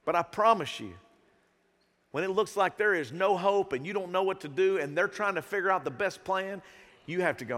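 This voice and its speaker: A man with a bright, high-pitched voice preaches in a church sanctuary, his words trailing into a long hall reverb. He swings between soft, intimate moments and loud bursts and keeps calling out to the congregation for a response. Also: moderate pace. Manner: calls out to the congregation. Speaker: pastor. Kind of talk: sermon.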